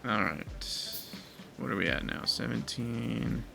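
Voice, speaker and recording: A man's voice: medium pitch, slow pace, vocal fry, over music. A man giving casual gameplay commentary, thinking aloud and muttering to himself as he plays. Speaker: gaming video creator.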